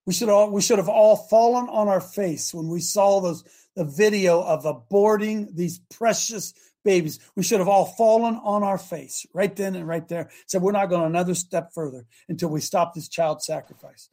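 A man hosting a talk show, ranting with passion, repeating himself and shouting at times. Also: sits high, moderate pace. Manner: impassioned, repetitive, shouting at times. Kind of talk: fiery call-in talk show rant. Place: studio in Ohio.

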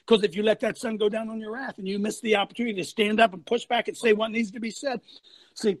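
A man hosting a talk show, ranting loudly with preacher-like fire, shouting and laughing as he goes. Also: sits high, fast talker, no room sound. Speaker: host.

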